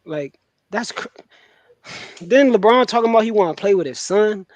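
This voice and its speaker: A man co-hosting a sports podcast, giving his opinions in relaxed, slangy talk. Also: high voice, moderate pace, no echo, dull audio.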